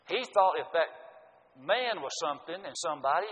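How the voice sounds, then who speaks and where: A man's voice: a little high, brisk, a bit bright. A man preaching a sermon, earnest and emphatic, citing scripture. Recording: dull lo-fi audio with long hall reverb.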